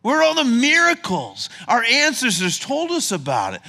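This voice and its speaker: Gideon, a whiny young nobody, as a preacher puts him on. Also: male voice, very high voice, wildly swooping pitch, normal speed, bright, forceful tone, voice pushed up, exaggerated voice. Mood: doubtful. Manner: complaining, self-pitying. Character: timid young man, Gideon, whining about being a nobody. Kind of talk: sermon storytelling.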